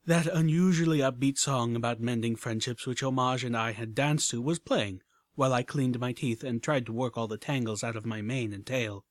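A man reading a story aloud as an audiobook narrator, measured and even. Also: medium pitch, no room sound, clean studio sound. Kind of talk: scripted narration.

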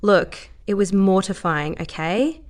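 A woman voicing a blunt, callous young dancer who talks in a sharp, snarling way. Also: mid-range voice, animated, a little slow, natural voice.

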